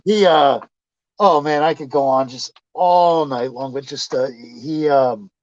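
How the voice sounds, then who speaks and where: A man's voice: a little high, measured pace, dry recording. A man telling rambling, profane anecdotes in casual chat, laughing as he goes. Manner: rambling, swearing, laughing storyteller. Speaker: storytelling guest. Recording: dull lo-fi dry sound.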